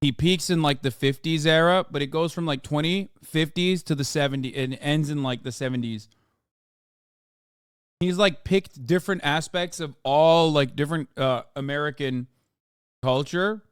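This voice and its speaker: A man's voice: fairly high pitch, moderate pace, clean tone, dry recording, clean studio sound. A man hosting a stream, riffing and cursing casually as he reacts to a video. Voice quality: animated, profane, riffing.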